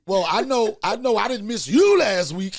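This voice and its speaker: A man hosting a comedy podcast, joking loudly and repeating lines for laughs. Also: high-pitched, big pitch swings, normal speed, gravelly, no echo. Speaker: podcast host. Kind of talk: casual comedic chat.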